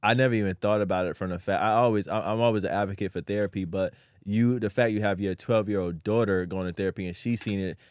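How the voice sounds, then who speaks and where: A man's voice: lowish voice, fairly even intonation, fast talker, hardly any pauses, darkish tone, dry recording, studio quality. A man hosting a podcast interview, affirming his guest often and reflecting at length. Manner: affirming, backchannels often with "facts" and "mm-hmm". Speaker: podcast host. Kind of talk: interview conversation.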